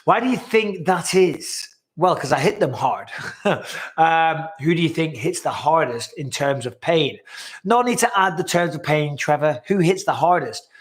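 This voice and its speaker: A man's voice: fairly high pitch, expressive, moderate pace. A man with a northwest English accent hosting a casual live chat, reading out viewers' comments in a joking, blunt way and swearing freely. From northwest England.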